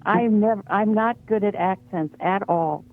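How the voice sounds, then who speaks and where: A woman's voice: mid-range voice, measured pace. A woman from Cleveland calling in to a stream, giving short, modest replies. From Cleveland, Ohio. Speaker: caller. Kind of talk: casual call-in chat. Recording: tinny phone line, faint music.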